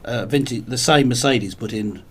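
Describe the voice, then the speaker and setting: A man co-hosting a relaxed talk show, his voice sitting at an ordinary middle pitch. He spins long, meandering anecdotes and drops dry, pedantic quips along the way. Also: normal speed, slight background noise. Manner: rambling storyteller with dry, pedantic wordplay. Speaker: podcast co-host. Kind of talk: casual chat.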